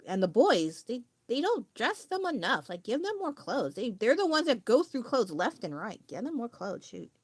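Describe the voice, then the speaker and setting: A woman's voice: lowish voice, dry recording, clean studio sound. A woman chatting casually on a drawing livestream, rambling and restarting her sentences and laughing often. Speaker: art streamer.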